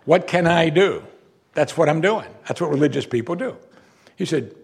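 A man preaching a sermon, animated and rhetorical, repeating lines and exclaiming for emphasis. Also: a little high, moderate pace, creaky, husky.

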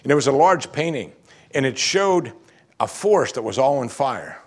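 Animated middle-aged male preacher. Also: mid-range voice, moderate pace. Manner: animated preaching, swinging between emphatic and hushed. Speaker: pastor. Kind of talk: sermon.

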